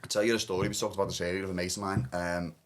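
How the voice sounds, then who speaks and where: A man with a fairly low voice speaks fast in a candid podcast chat. His telling is earnest and emotional, full of restarts as he works through a personal story. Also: flat delivery.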